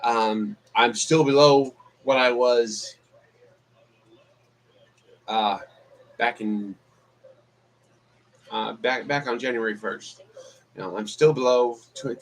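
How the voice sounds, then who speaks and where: A man's voice: mid-range voice, slow, long pauses, slight background noise, rough recording. Rambling casual man on a live stream. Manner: rambling, many fillers and restarts. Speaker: YouTube vlogger.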